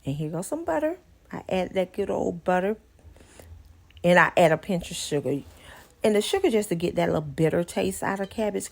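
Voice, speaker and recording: Low, gravelly-voiced woman cooking host. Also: darkish tone. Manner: chatty, homey instructions with repeated phrases. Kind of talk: casual cooking voice-over.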